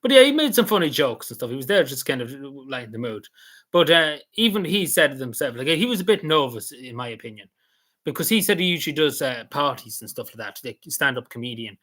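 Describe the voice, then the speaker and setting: A man's voice: medium pitch, very animated, fairly quick, a bit bright. A man, casually recapping an event he attended, rambling and repeating himself with many fillers. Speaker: vlogger.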